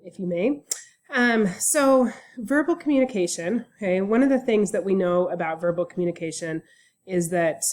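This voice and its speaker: A woman university instructor giving a casual recorded online lecture, relaxed and chatty with frequent fillers. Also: mid-range voice.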